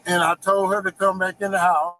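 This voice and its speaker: A man's voice: sits high, flat delivery, a little fast, bright, forceful tone. A man in his sixties, questioned by police, talking in a rambling, repetitive and pleading way. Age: 60s. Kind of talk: bodycam conversation. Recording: noisy outdoor bodycam audio.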